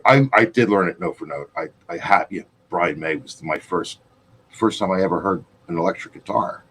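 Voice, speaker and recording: A man's voice: lowish voice, breathy edge. A man in his fifties, a guitarist co-hosting a podcast, telling loose, profane, rambling stories in casual chat. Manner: loose, profane, rambling anecdotes with acted-out quotes.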